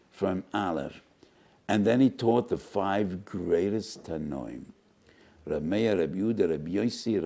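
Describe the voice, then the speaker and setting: A man's voice: sits low, creaky, dark tone. An older man, a rabbi, giving a Torah lecture with impassioned emphasis and repeated rhetorical questions.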